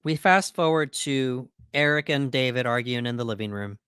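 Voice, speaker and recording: Podcast co-host, male, mid pitch, smooth resonant tone, dry booth sound, chatty scene recaps. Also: fairly bright tone, no echo. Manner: recaps scenes, acts out lines with quick voices. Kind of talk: casual movie breakdown chat.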